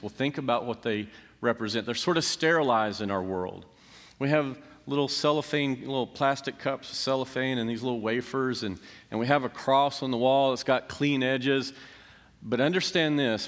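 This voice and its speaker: A man's voice: mid-range voice, fairly bright tone. A man preaching a sermon as pastor, earnest, building emphasis with rhetorical questions. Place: church sanctuary. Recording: long church hall reverb.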